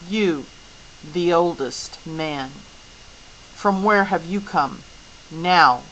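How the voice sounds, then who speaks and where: A gentle, solemn alien creature speaks in slow, measured words, as a woman reading a storybook aloud puts it on. The voice is low-pitched and unhurried, with a faint hiss underneath. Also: steady tone, lo-fi sound. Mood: calm, grave. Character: gentle, grave furry alien beast.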